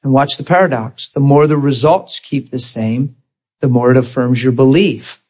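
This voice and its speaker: A man preaching to a congregation through a personal story, his voice husky and breathy at a middle pitch. He talks earnestly and acts out both sides of the conversation as he goes. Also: moderate pace, rough recording. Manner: earnest, animated retelling with quoted dialogue. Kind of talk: storytelling sermon.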